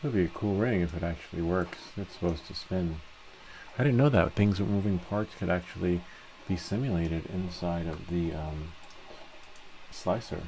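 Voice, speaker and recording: A man's voice: deep voice, normal speed, a little hiss or hum. A man hosting a casual 3D printing tutorial, thinking aloud step by step as he works. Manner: relaxed, thinks aloud step by step while working. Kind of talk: casual screen-share tutorial narration.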